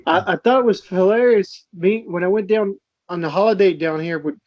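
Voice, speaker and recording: High-voiced man, laughing podcast chat. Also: brisk, dry recording, dull audio. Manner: laughs often, crude humor, restarts a lot. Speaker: podcast co-host. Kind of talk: casual podcast banter.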